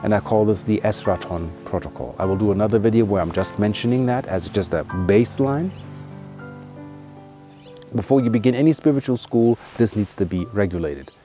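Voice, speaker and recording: A man with a lowish, mellow voice delivers an earnest spiritual monologue straight to his viewers. He leans hard on some words, then drops to near-hushed tones. Faint music sits underneath. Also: fairly quick. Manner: emphatic and heartfelt, swinging from loud pushes to hushed, soft passages. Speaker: wellness vlogger.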